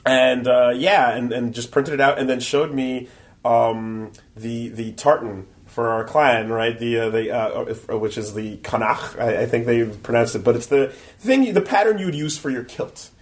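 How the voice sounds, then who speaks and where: A man in casual podcast chat, telling stories with lots of filler words and acting out quoted people in a higher voice. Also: moderate pace. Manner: animated storyteller, acts out quotes in a high voice.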